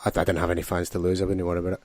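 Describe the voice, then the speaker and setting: A man's voice: sits low, monotone, racing, a little mellow, no room sound. A man hosting a podcast interview, teasing his guest in matey banter.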